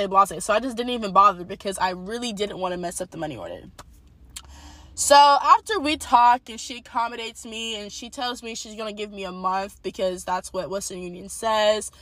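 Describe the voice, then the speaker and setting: A young woman telling a personal faith testimony in a casual, animated storytelling way, talking straight to her viewers. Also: medium pitch, normal speed, no room sound. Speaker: testimony speaker.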